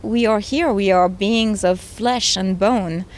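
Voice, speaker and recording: A woman in her thirties, a game creator, speaks at a medium pitch and takes her time. Her conversational interview answers are earnest and emotional, delivered with conviction, and the recording carries faint background noise.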